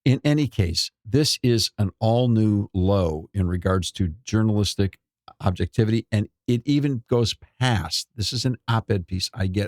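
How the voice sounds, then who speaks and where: A man's voice: lowish voice, darkish tone, no echo, studio quality. A man co-hosting a political talk show, indignant and sometimes searching for the right word.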